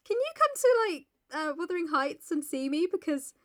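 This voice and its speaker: A miserable young wife full of regret, put on by a woman. The voice is pitched very high and sounds strained. Every line is played with melodramatic self-pity. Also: very animated, normal speed, a bit bright. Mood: dramatic plea.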